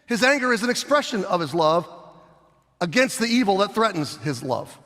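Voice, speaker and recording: A middle-aged male pastor preaching a sermon, animated, swinging between loud and soft as he acts out scenes. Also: high-pitched, normal speed, background noise. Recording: long hall reverb.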